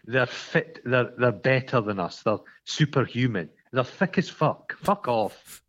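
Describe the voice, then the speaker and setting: A Scottish man co-hosting a podcast, telling stories in a sweary, animated way and acting out the quarrels in them. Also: mid-range voice, a little slow, lo-fi sound. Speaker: podcast co-host. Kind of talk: casual chat.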